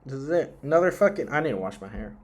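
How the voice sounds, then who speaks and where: A young man thinks out loud through a live trading stream. His talk rambles and is peppered with swearing. He often trails off into a quiet mutter under his breath. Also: medium pitch, sing-song, fast, highs cut off. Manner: rambling, profane, emotional self-talk. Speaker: trading livestreamer. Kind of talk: casual live-stream monologue.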